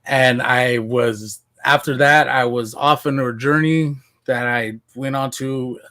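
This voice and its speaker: A man from Washington State telling his life story as a podcast guest, casual and animated, acting out what he said back then. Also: medium pitch, takes it slowly. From Washington State, USA. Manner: animated, acts out his own past voice.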